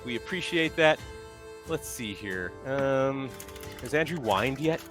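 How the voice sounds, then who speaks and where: A man's voice: mid-range voice, animated, slow pace, over music. A man hosting a casual live stream, reading viewer chat and redemptions aloud in an upbeat way. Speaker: stream host.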